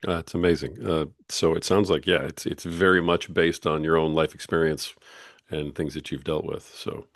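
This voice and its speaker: A man's voice: very deep voice, fairly even intonation, moderate pace, dry recording, studio quality. A man hosting a podcast interview, asking questions in a hesitant way with plenty of fillers. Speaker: podcast host.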